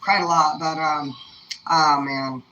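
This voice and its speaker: A woman's voice: sits low, fairly even intonation, takes it slowly, sharp tone, highs cut off. Rambling, foul-mouthed young woman storyteller. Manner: rambling, profane, laid-back storytelling. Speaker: vlogger telling stories. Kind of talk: casual storytelling. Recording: roomy echo, mic at a distance, faint noise.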